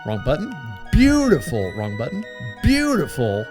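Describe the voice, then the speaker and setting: A man's voice: fairly high pitch, wildly swooping pitch, measured pace, music in the background. A man hosting a comedy let's-play, chatting casually and laughing while he plays. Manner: laughing, self-deprecating, lots of fillers. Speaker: host playing the game.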